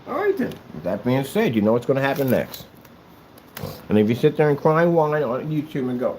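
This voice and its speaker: A man's voice: mid-range voice, big pitch swings, fast, a little mellow, slight background noise. A man ranting at someone straight to the camera, scolding and sarcastic, with a lot of repetition. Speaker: vlogger. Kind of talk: confrontational address to camera. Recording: echoey room.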